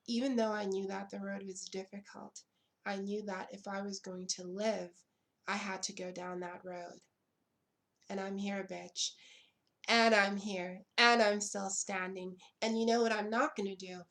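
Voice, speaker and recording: A young woman vlogging straight to camera, emphatic and blunt, repeating her lines for effect. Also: medium pitch. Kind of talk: impassioned direct-to-camera commentary.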